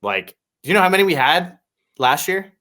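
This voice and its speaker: A man co-hosting a sports podcast in casual chat, talking with gushing, excitable fan enthusiasm. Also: a little high, moderate pace. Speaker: podcast co-host.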